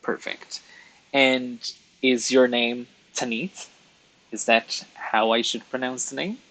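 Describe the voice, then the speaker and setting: A man's voice: mid-range voice, little pitch movement, takes it slowly, a bit bright, rough recording. A man chatting casually with his viewers while colouring on a live stream, rambling and laughing at himself.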